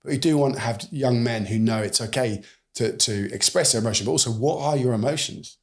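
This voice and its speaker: A man's voice: mid-range voice, a little fast. A British man in his forties, a podcast guest who talks animatedly and acts out bits of quoted dialogue. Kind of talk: conversational podcast interview.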